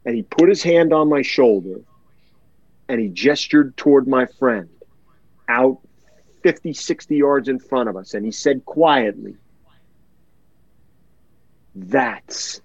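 A man's voice: mid-range voice, expressive, unhurried, long pauses, no echo, lo-fi sound. A man telling a heartfelt personal story in a podcast chat, earnest and emotional, repeating words for emphasis.

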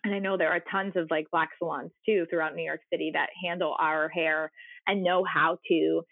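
A woman's voice: sits low, fairly even intonation, normal speed, gravelly, slightly rough, dry recording. A woman in casual chat, talkative and supportive, heard over a call. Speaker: stage performer. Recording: tinny phone-like dry line.

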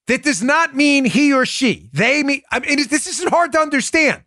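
A man's voice: very high voice, lively intonation, normal speed, pushed and bright, no echo, studio quality. A man hosting a political commentary show, talking in an emphatic, mocking, sarcastic way. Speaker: podcast host.

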